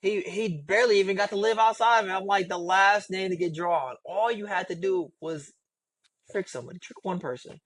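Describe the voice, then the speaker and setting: A man co-hosting a casual reaction podcast, talking in an animated, slangy way, his voice jumping up when he is exasperated. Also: high-pitched, brisk, no room sound. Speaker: podcast co-host.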